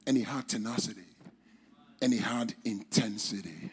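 A man preaching a sermon in English with a non-native accent, using formal, old-fashioned wording and swinging between loud, high exclamations and quiet, low drops. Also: a little slow, long pauses, husky. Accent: non-native English accent, speaker's own mention. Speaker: pastor.

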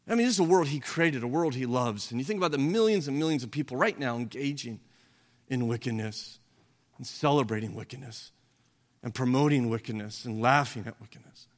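A man preaching a sermon as pastor, earnest and direct, asking the listeners questions and swinging between loud emphasis and quiet, low delivery. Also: animated, brisk. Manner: earnest preaching with rhetorical questions, rising and dropping in force. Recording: long hall reverb.

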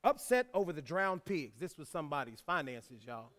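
A man's voice: fairly high pitch, animated, normal speed, a bit bright. A man preaching a sermon, reading scripture aloud and repeating key lines for emphasis, with folksy asides to the congregation. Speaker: pastor.

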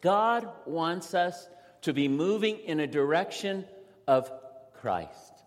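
Animated male pastor in an echoing hall. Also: a little high. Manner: animated storytelling with dramatic pauses. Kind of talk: sermon. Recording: long reverb of a large hall.

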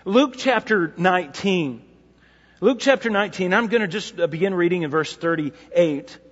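Brief: male pastor, high voice, relaxed conversational sermon, muffled recording in a church. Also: moderate pace. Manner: explains passages in a casual, conversational teaching tone. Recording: dull sound with long hall reverb.

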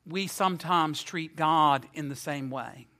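A man preaching a sermon, earnest and emphatic, slowing down to stress key phrases. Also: fairly high pitch, pushed and bright.

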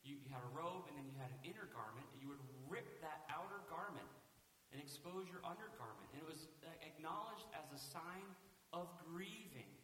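Bright-voiced male pastor in echoey hall. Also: on the high side, lively intonation, a little fast. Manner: conversational preaching with rhetorical questions. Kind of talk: sermon. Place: church sanctuary. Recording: echoey hall, far from mic, faint hiss.

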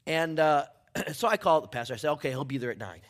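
A man preaching a sermon as a church pastor, telling a story with jokes and growing quiet and hushed toward the close. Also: on the high side, animated, fast. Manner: storytelling, joking, then softening to a hushed close.

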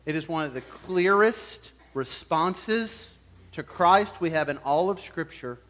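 Male pastor preaching a sermon, high voice, animated, chuckles a lot. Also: slow. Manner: animated, acts out quoted voices, chuckles often.

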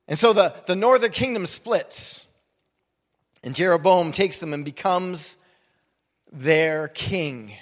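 A man's voice: on the high side, animated, slow, long pauses, in a large hall. A man in his forties preaching a sermon in a casual, joking, conversational way. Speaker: pastor.

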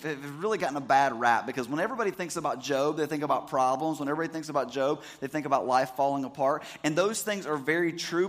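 Preaching in a relaxed way, a man in his thirties makes sure his congregation is following along. His voice sits a little high.

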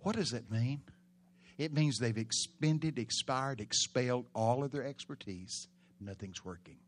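A pastor preaching a sermon in a church, telling stories with animated, loud bursts. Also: male voice, mid-range voice, unhurried.

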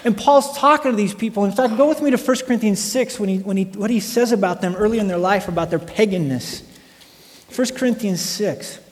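A man in his late thirties preaching a sermon, telling stories with animation and swinging between loud and hushed delivery. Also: high-pitched, brisk. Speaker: pastor. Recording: long hall reverb.

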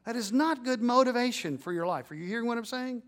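A man's voice: very high voice, lively intonation, quick pace. A man preaching a sermon as pastor, building to emphatic peaks and leading the congregation in call-and-response.

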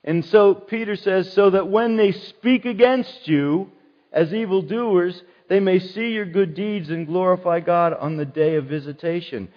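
A man's voice: sits high, a little slow. A middle-aged male pastor preaching a sermon in an earnest, conversational way, often repeating his key phrases. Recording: dull sound with long hall reverb.

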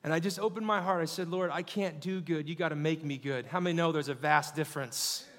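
High-voiced preacher in a reverberant hall. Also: male voice, a little fast. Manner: call-and-response, rising to fervent shouting. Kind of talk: sermon.

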